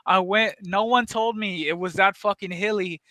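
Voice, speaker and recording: A man's voice: high-pitched, steady tone, normal speed, sharp tone. A man hosting a casual podcast, telling loose, profane stories and laughing often. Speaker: podcast host. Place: San Antonio area.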